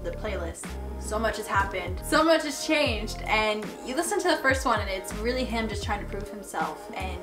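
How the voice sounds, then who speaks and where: A woman's voice: mid-range voice, animated, normal speed. Teary, rambling young woman reacting to music. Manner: emotional, rambling, fighting back tears. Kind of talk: casual reaction commentary. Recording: roomy echo with music playing behind.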